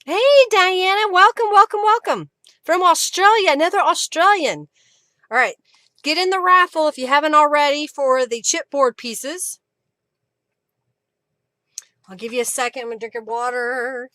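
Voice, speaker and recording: A woman's voice: high-pitched, normal speed, long pauses, pushed and bright, dry recording. A woman with an Oklahoma accent hosting a live crafting stream, chatting with viewers and thanking them by name. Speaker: craft livestream host. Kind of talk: casual live-stream chat.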